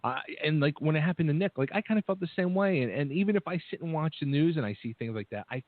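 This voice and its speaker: A male radio host chats casually with a guest, halting and restarting as he offers sympathy. His voice comes through thin and tinny, like a phone line. The sound is dry and close. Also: a little high, lively intonation, dry recording. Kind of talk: casual radio interview chat.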